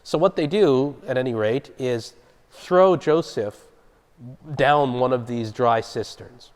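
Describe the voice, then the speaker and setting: A man's voice: mid-range voice, takes it slowly, a little mellow. A man leading a Bible study in a conversational teaching style, explaining a passage and putting questions to his group. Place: church hall. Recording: long reverb of a large hall.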